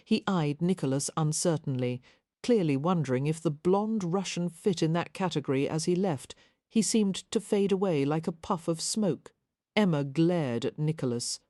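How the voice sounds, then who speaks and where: A woman narrating a historical romance audiobook in a measured, even reading. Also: low-pitched, no echo, studio quality.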